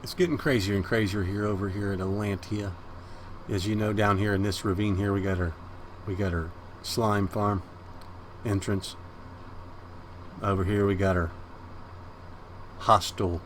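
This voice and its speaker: A man with a lowish voice hosts a Minecraft let's-play, chatting casually and rambling to viewers he calls "guys" while baby-talking and meowing at the cats in his base. There's slight background noise, and it's laid-back gameplay commentary.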